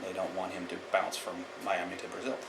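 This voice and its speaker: Male martial-arts vlogger, bright forceful voice, blunt opinion talk with a faint hiss behind. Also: sits low, monotone, fairly quick, creaky, low-quality recording. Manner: blunt, opinionated, talks to the viewer directly. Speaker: martial arts channel host. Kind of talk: casual opinion commentary.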